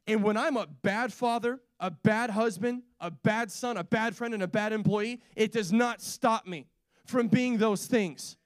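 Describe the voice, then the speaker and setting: High-pitched guy preaching in church, lots of rhetorical questions, gets shouty, dry sound. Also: dry recording. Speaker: pastor. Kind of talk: sermon.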